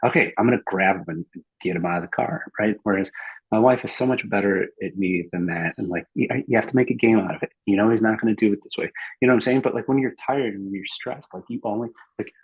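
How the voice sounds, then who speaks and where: A man's voice: on the low side, fast talker, breathy edge, no room sound. A father chatting casually, conversational and often checking for agreement. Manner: conversational, seeks agreement with "right?". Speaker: father, podcast guest. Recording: dull lo-fi audio.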